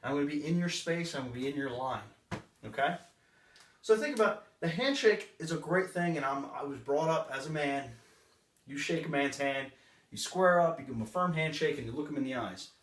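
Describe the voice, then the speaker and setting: Guy running a sales seminar, kinda high voice, punchy, mic far off in an echoey room. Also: animated, brisk, fairly bright tone. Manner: punchy, acts out short customer exchanges. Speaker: sales trainer. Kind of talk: live seminar talk. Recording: roomy, distant room recording.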